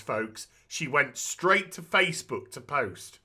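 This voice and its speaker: A man's voice: on the high side, lively intonation, slow pace, sharp tone, slightly rough. A man co-hosting a casual podcast, talking bluntly with lots of swearing and restarts. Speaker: podcast co-host.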